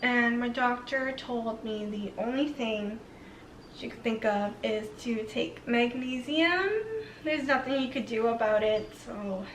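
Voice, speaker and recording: A woman's voice: fairly high pitch, measured pace, a little hiss or hum. A young woman vlogger chatting casually to camera, rambling with lots of fillers. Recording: roomy, slightly distant mic.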